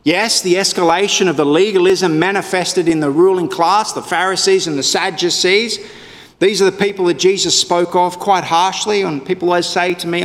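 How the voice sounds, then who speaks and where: A man's voice: high voice, steady tone, normal speed, long reverb tail. A male pastor preaching a sermon in a conversational way, with wry asides to his congregation.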